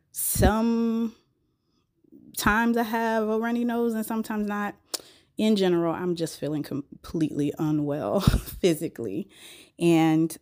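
A woman's voice: low voice, darkish tone. Chatty woman with a head cold. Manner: chatty, laughs often, playful asides. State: sick with a cold, scratchy throat. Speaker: podcast host. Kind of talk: casual solo podcast talk.

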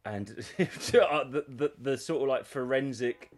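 A man's voice: mid-range voice, takes it slowly. A man co-hosting a podcast, telling crude stories in casual chat and acting out other people's voices. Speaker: podcast co-host.

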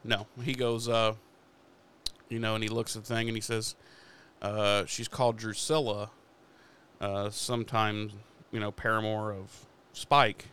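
A man casually retelling a TV episode for a podcast, swearing often and slipping into quick quoted lines. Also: lowish voice, level tone, fairly bright tone, clean tone. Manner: swears freely while retelling episode scenes. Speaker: podcast host. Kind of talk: casual recap chat.

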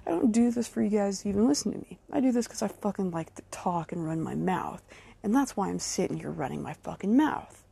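A woman's voice: medium pitch, lively intonation, a little fast, gravelly, warm tone, husky. A woman hosting her own podcast, delivering a blunt, angry and heavily profane solo rant aimed straight at her critics. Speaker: podcast host.

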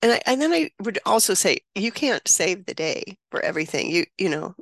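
A woman in her seventies, a guest on an interview show, recounting a personal story in an earnest, reflective way with frequent pauses and restarts. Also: medium pitch, very animated, gravelly, fairly bright tone, no room sound, studio quality. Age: 70s. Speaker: interview guest, birth mother and author.

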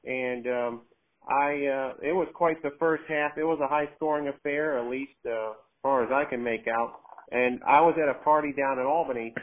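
A man's voice: medium pitch, normal speed. Joking male host on a phone-like line. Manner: jokey, leading questions. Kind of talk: casual podcast chat. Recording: narrow phone-like sound.

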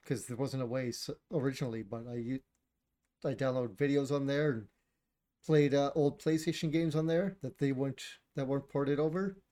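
A man's voice: mid-range voice, steady tone, moderate pace, dark tone. A man co-hosting a casual chat about video games, blunt and opinionated, swearing and laughing often.

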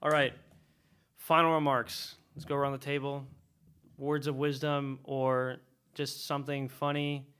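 A man's voice: medium pitch, level tone, measured pace, a bit bright, clean tone. A young man co-hosting a casual podcast, joking and steering the segments. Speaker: podcast host.

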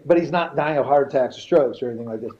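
A man's voice: medium pitch, very fast, mellow, dull audio, a little hiss or hum. A man, a retired fighter, is a podcast guest telling a story casually in blunt, profane language and often repeats himself.

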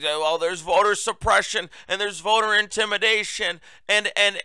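A man hosts a political talk show, his voice high and strikingly bright, cutting and forceful. He talks in a sarcastic, mocking, emphatic way. The sound is smooth and dry, close to the mic. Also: dry recording. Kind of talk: political commentary monologue.

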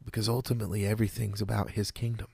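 A man preaching a sermon in an earnest, measured way, with dramatic pauses. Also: lowish voice, flat delivery, gravelly, a little mellow, slightly rough, dry recording.

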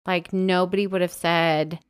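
Low-voiced woman narrating true crime. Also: level tone, measured pace, smooth. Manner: narrates from notes, dry asides. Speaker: podcast co-host.

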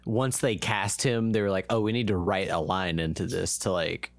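A man's voice: deep voice, steady tone, normal speed, vocal fry, dry recording. A man co-hosting a casual podcast chat, talkative, laughing often and correcting himself as he goes. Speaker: podcast co-host.

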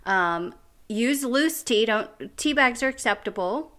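A woman's voice: on the high side, animated, a little slow, a bit bright. An American woman co-hosting a podcast, chatting casually and giggling, with lots of "like" and "um". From United States. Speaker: podcast co-host. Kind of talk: casual chat.

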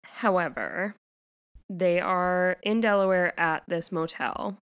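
A woman's voice: fairly low pitch, expressive, takes it slowly, a bit bright, smooth. A woman co-hosting a podcast, casually recapping a TV episode and quoting the characters as she goes. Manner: retells scenes with quoted voices, says "like" often. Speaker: podcast co-host.

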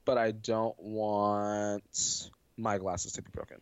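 A woman co-hosting a casual chat, telling stories in an animated, profane way. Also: rumbling low, takes it slowly, clean tone, dull audio. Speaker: podcast co-host.

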